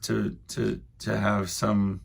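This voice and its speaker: A man's voice: fairly low pitch, level tone, slow, vocal fry, breathy edge. A young man hosting a solo podcast, rambling through stories with lots of fillers and asides. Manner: meandering, full of fillers and asides. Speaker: podcast host.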